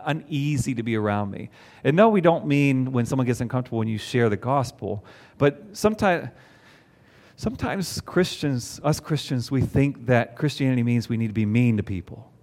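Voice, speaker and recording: A man's voice: medium pitch, darkish tone. A man preaching a sermon to a congregation, conversational, with rhetorical questions. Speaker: pastor. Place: church before a congregation.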